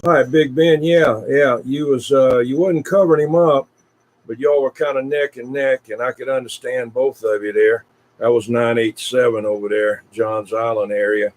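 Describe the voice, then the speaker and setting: A man hosting a CB radio night, talking haltingly with lots of fillers. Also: medium pitch, steady tone, darkish tone, low-quality recording. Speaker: CB radio net host. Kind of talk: casual radio net chatter.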